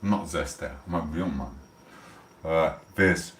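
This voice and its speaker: A man's voice: extremely low pitch, unhurried, a bit bright, roomy sound, recorded from a distance. A middle-aged man from England with a South Yorkshire accent, chatting on a livestream in a blunt, swearing, mock-outraged way. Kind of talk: casual livestream chat.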